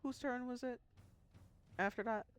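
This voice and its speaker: A woman's voice: a little high, steady tone, measured pace, clean tone, soft background music. A woman running a tabletop game as dungeon master, narrating in a casual, chatty way and swearing freely.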